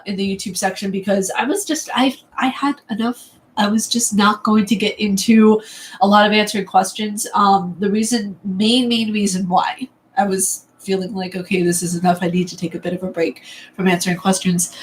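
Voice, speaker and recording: A woman's voice: mid-range voice, slight background noise, poor audio. A woman hosting her own live stream, chatting casually, rambling a little, laughing often and greeting viewers as they arrive.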